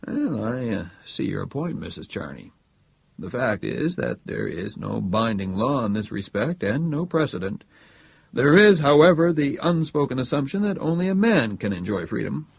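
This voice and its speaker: A man doing a measured, gravelly judge. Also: medium pitch, sing-song, dry recording, voice pushed up, full character voice. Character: measured older male judge. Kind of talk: audiobook reading.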